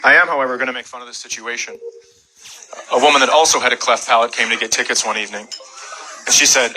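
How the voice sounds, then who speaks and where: A male stand-up comedian telling stories deadpan, acting out the people in them, on a club stage. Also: mid-range voice, quick pace, slight background noise, rough recording. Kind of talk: stand-up storytelling. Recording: live club with audience laughter.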